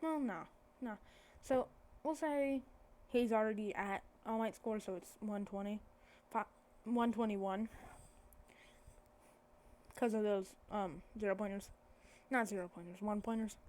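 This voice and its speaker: A woman's voice: medium pitch, fairly even intonation, a little slow, long pauses, a little mellow. A woman casually telling a made-up fan story, rambling and correcting herself as she goes. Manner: rambling, self-correcting, many fillers.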